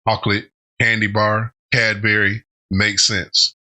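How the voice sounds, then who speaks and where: A man's voice: lowish voice, level tone, measured pace, sharp tone. A man hosting a reaction channel, giving casual commentary and going off on rambling tangents with frequent laughter.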